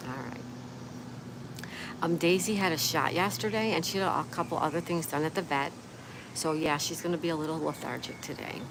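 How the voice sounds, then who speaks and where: Low-voiced woman chatting on a livestream. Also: brisk. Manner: reads viewer comments aloud and answers them chattily. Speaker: livestream host. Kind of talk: casual live-stream chat. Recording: steady background noise with passing traffic.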